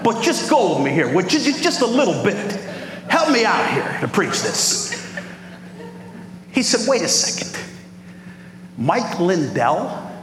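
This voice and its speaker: A man, preaching an animated sermon as pastor and calling out to the congregation. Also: sits high, unhurried, long pauses. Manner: animated preaching with crowd call-outs. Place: large church hall. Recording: echoey hall with background noise.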